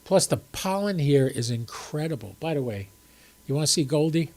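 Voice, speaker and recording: An older man with a cold hosts a casual ham radio livestream from his home, seated on camera and rambling to his chat. His voice is on the high side, expressive and a bit mellow, at a moderate pace, with slight background noise.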